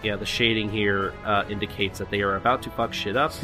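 A man's voice: lowish voice, a little fast, music in the background. A man hosting a podcast, casually retelling comic scenes with lots of fillers. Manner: relaxed, filler-heavy retelling. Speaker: podcast host. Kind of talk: casual chat recapping a comic.

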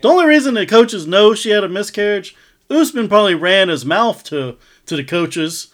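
A man's voice: sits high, lively intonation, moderate pace, a bit bright. A man co-hosting a casual podcast, ranting in an indignant, profane way and often laughing. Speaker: podcast co-host.

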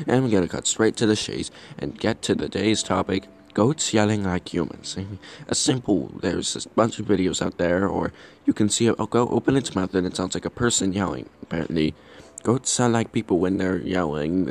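A man hosting a podcast, giving a deadpan comedy monologue with jokey murmured asides. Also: low-pitched, brisk. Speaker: podcast host.

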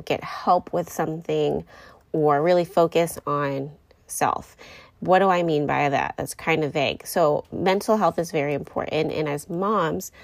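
A young woman, a mom, talking candidly and rambling a little to her viewers, often correcting herself mid-sentence. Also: low voice. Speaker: mom vlogger. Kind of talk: casual talk to camera.

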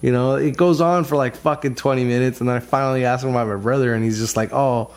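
A man's voice: medium pitch, fairly even intonation, fast talker. Male vlogger, frustrated rambling storyteller, profane and loose. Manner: profane, frustrated, rambling with many restarts and fillers. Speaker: vlogger telling a family story. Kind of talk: casual rambling monologue. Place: lives in Texas.

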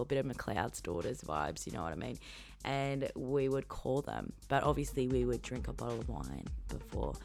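A young Australian woman hosts her podcast in a low voice. She is hungover and rambles loosely, swearing and cutting herself off mid-sentence. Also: fairly bright tone. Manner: rambling, swearing, self-interrupting. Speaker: podcast host. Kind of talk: casual chat.

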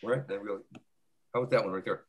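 A man's voice: on the low side, very fast. A male stand-up comedian doing a crude, rambling set that repeats itself. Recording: loud live audience laughter.

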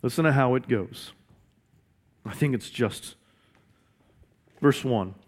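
A man's voice: mid-range voice, slow. A man preaching a sermon in an earnest way, often repeating key phrases for emphasis. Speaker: pastor.

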